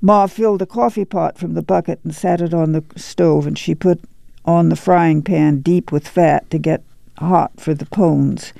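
A man reading a novel aloud as narrator, in a measured, unhurried way. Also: a little high, steady tone, gravelly, warm tone, dry recording. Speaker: audiobook narrator. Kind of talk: scripted narration.

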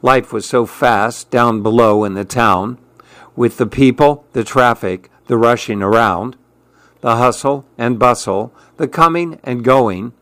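Slow, rhythmic storybook narrator, man. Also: mid-range voice, no room sound. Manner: measured, rhythmic, expressive.

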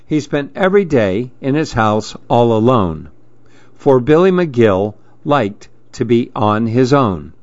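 A man reading a rhyming picture-book story aloud in an expressive, rhythmic way. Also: mid-range voice, takes it slowly, no room sound, lo-fi sound.

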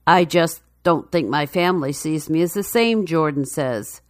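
A woman reading a news feature story in a measured, even narration. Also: low voice, dry recording, clean studio sound.

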